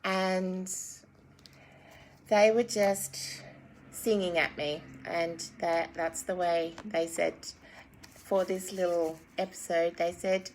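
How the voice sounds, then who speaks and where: A woman's voice: on the low side, steady tone, takes it slowly. A woman in her thirties, a spiritual guide who chats casually with giggles and fillers, then leads a guided meditation. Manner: gentle, giggly and rambling, with many fillers. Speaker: spiritual guide and card reader.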